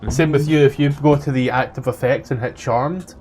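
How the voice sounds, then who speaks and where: A man running a tabletop game as game master, explaining rules in a relaxed way. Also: mid-range voice, unhurried, a little hiss or hum.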